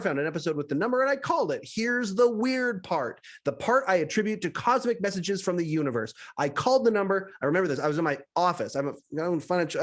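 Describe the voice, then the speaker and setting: A high-voiced man from western Canada reads his own essay aloud as a podcast host. He tells it with animated energy and drops wry asides to his listeners. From British Columbia, Canada. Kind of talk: reading a personal essay aloud.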